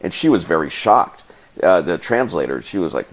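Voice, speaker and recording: Deep-voiced man telling a travel story. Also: normal speed, vocal fry, breathy edge. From United States. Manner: animated, laughs while telling, acts out quoted people. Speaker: travel vlogger. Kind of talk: casual storytelling.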